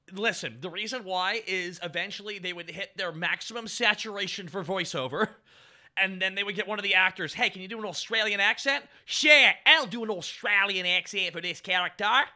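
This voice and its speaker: A man's voice: high-pitched, bright, forceful tone. A man giving a rambling, casual creator commentary, with many restarts.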